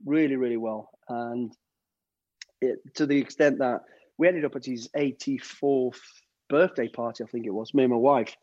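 A man's voice: mid-range voice, steady tone, normal speed, darkish tone, dry recording. A middle-aged man, a former soldier and bodyguard, telling rambling stories in casual chat, with plenty of restarts and acted-out quotes. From United Kingdom. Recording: dull, dry sound.

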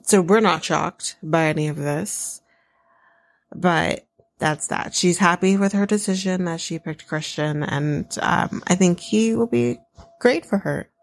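On a dry recording, a woman speaks in a fairly low, unhurried voice as she recaps a show on her podcast. Her chat is casual, blunt, and sarcastic, full of swearing, lively laughing asides, and remarks aimed at her listeners.

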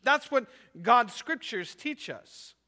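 A man's voice: extremely high pitch, animated, slow pace, bright, forceful tone, long reverb tail. A male pastor preaching a sermon in an emphatic way, often ending his points with a rhetorical "right?".

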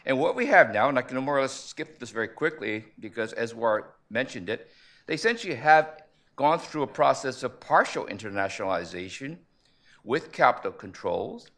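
A man speaking at a conference panel, measured and analytical, posing rhetorical questions as he lays out his argument. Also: mid-range voice, gravelly, fairly bright tone. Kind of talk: conference presentation.

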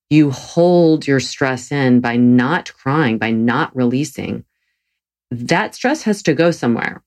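A podcast host and physical therapist, talking earnestly and reflectively about yoga and wellbeing, often pausing to restart sentences. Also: medium pitch, darkish tone. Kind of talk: solo motivational podcast talk.

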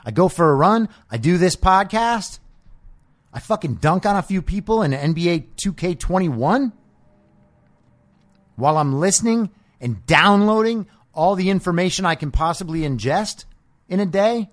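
Here a political podcast host with a high voice and lively intonation talks at a normal pace. His monologue is confrontational and profane, full of sarcastic questions he doesn't expect answered.

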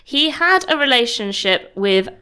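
A woman's voice: a little high, very animated, a little slow, sharp tone, clean tone. Chatty woman recounting history. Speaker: podcast co-host. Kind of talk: casual storytelling chat.

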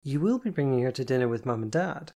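A narrator voicing a brash, foul-mouthed, bossy young woman who talks loudly and bluntly and teases. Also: medium pitch, lively intonation, fast, natural voice. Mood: insistent. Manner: loud, teasing, blunt.

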